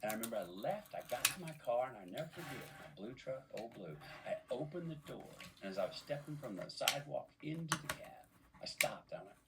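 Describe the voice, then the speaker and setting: A man's voice: medium pitch, fairly quick, creaky, recorded from a distance, very noisy. A man, a podcast guest, telling long rambling stories in casual chat with lots of restarts. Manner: rambling, animated storyteller with many restarts.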